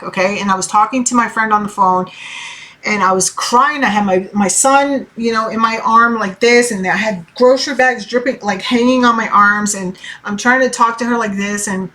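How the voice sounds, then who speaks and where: A woman's voice: medium pitch, sharp tone. Profane, chatty woman tarot reader. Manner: loose and profane, heavy fillers, encouraging. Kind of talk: casual tarot reading monologue.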